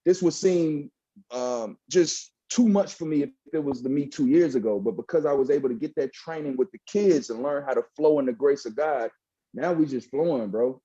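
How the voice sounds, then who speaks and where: A man's voice: mid-range voice, moderate pace, mellow, slightly rough, lo-fi sound. A man in his thirties, a former pastor, telling his faith story in a casual, preachy way and often saying "bro". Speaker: guest, former pastor turned hip hop artist. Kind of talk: casual testimony in a podcast interview.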